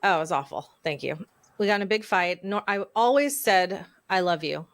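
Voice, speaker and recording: A woman's voice: medium pitch, expressive, no echo. A woman in her forties, hosting a podcast and telling a personal story in a candid, reflective way. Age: 40s. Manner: candid, reflective, speeds up and slows down. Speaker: podcast host.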